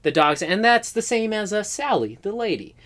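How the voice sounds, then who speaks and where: A man on a comedy podcast pitching an improvised scene, telling it in an animated way and popping into shouted character voices. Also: normal speed. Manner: animated storytelling, jumps into shouted put-on voices.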